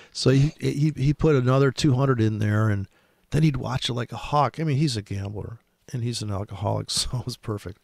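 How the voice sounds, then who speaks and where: Gravelly man telling rambling stories. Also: medium pitch, normal speed, darkish tone, dry recording. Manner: rambling, profane storytelling with frequent restarts. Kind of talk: casual chat.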